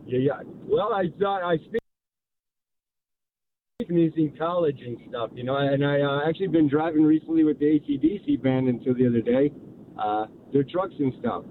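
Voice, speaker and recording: Rambling older man on a noisy phone line. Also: fairly high pitch. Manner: rambling, halting. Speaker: caller.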